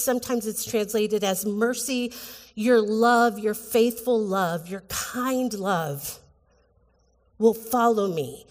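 Woman pastor, higher voice, earnest and halting delivery, church hall reverb. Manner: earnest, halting, with many restarts and fillers. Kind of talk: sermon. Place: church sanctuary.

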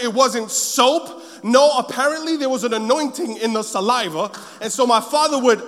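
High-voiced man preaching in a reverberant hall. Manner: animated storytelling, acting out scenes. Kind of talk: sermon with personal story.

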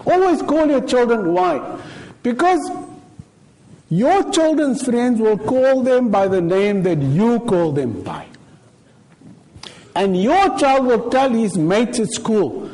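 South African male preacher with a high voice, storytelling sermon style. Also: big pitch swings, takes it slowly, warm tone, poor audio. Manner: storytelling with rhetorical questions. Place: mosque.

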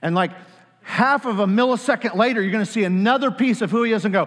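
A man delivers a lively sermon, rising and falling as he calls the congregation to repeat after him. His voice sits a little high for a man. Long reverb from a large hall trails each phrase. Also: a little fast. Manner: animated preaching with call-and-response. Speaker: pastor.

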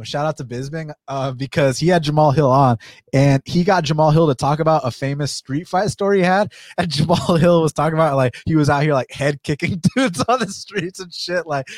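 A man hosting a casual podcast about fight betting, talking in an animated, rambling way with lots of swearing and fillers. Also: on the high side, no echo. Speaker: podcast host.

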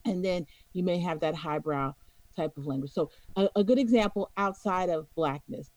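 A woman's voice: lowish voice, normal speed, darkish tone, no echo, rough recording. A woman from New York with a New York accent, co-hosting a podcast in a casual, opinionated way, emphatic and lecturing, often checking in with "okay?". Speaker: podcast co-host.

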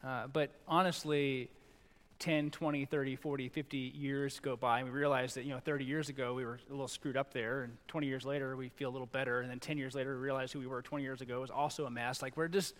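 A middle-aged male pastor preaching a sermon in a conversational, animated way, acting out little quoted lines. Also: medium pitch, fast talker. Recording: long reverb in a large hall.

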